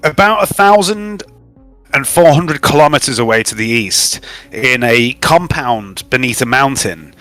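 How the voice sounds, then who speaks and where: A man's voice: medium pitch, expressive, a little slow, bright, forceful tone, no echo, faint music behind. A man narrating and running a tabletop role-playing game as game master, recapping events with frequent fillers.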